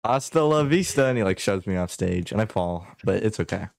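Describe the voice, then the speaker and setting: A man's voice: low-pitched, fairly even intonation, fairly quick, gravelly, darkish tone, no echo, studio quality. A man hosting a podcast in casual chat, telling stories in a playful way and laughing often. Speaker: podcast host.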